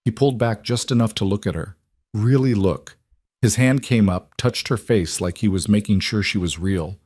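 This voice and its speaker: A man with a fairly low voice reads a dark crime story aloud, tense and dramatic. His voice sounds dry and close, with no room around it. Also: normal speed, no room sound. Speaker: narrator. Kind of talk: scripted audiobook narration.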